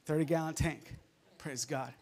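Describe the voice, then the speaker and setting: Man, preacher, softened New York accent, fervent sermon, amens and laughs, fairly high voice. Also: steady tone, normal speed.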